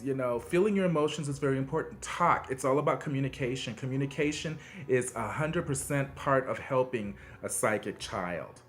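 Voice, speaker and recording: Man, mid-pitched, earnest conversational advice host, many fillers, soft music underneath. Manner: conversational, frequent fillers and restarts; earnest and encouraging, emphatic swings in pitch. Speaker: video host giving parenting advice. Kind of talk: casual advice monologue.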